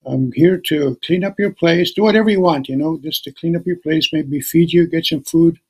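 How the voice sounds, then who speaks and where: A man's voice: fairly high pitch, normal speed, slightly rough, voice pushed up, rough recording. A man doing an earnest young woman helper. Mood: reassuring. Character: young woman health worker, helpful and earnest.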